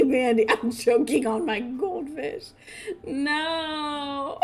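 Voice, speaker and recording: A woman's voice: high voice, animated, measured pace. A young woman streaming a life-sim game, chatting casually and breaking into laughing fits while she reacts to chat. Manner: giggly, laughing fits, reads chat aloud.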